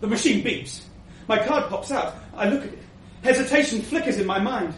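A man reading a first-person story aloud to a live audience, unhurried, with acted asides. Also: sits high, lively intonation, a little hiss or hum. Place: live event venue before an audience. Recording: echoey venue from a distant mic.

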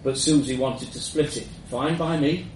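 A man reading a first-person story aloud in a measured, reflective way. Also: fairly high pitch. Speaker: narrator. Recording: roomy echo, mic at a distance, faint background hum.

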